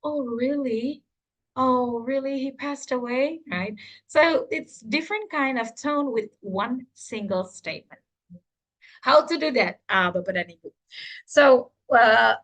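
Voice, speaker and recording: A woman's voice: a little high, animated, measured pace, fairly bright tone. A woman leading an online training session for teachers, talking with frequent "uh" fillers and addressing participants politely as Bapak dan Ibu.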